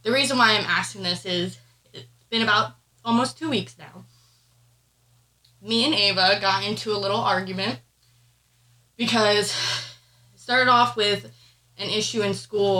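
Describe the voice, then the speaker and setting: Bright-voiced woman telling a family story. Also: medium pitch, moderate pace, rough recording. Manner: emotional, animated retelling with many fillers. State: pregnant. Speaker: podcast co-host. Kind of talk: casual chat, personal storytelling.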